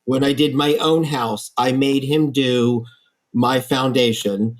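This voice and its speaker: A man, an architect guest, telling stories in a lively, animated way in a podcast interview. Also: medium pitch, slow. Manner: lively storyteller, acts out quoted voices.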